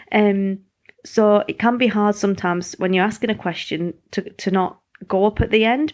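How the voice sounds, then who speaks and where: A woman's voice: medium pitch, normal speed, a little mellow. A woman host, chatting in a rambling, self-deprecating way on her podcast. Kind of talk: casual podcast monologue.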